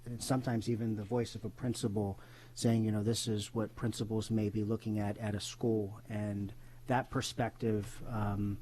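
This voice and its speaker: Male board member, low and monotone, hesitant tribute at a public meeting. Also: moderate pace. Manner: hesitant, many uh and um fillers.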